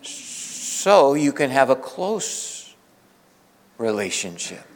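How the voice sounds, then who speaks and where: A male pastor preaching a sermon, swinging from loud, emphatic peaks to hushed asides. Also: medium pitch, big pitch swings, drawn-out words. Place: church sanctuary. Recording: reverberant church hall.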